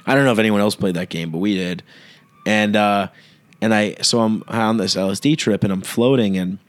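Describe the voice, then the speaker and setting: A man's voice: fairly low pitch, brisk, no echo. A young man hosting his own podcast, telling a long story in a meandering, laid-back way with many fillers and restarts. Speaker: podcast host. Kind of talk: rambling solo podcast monologue.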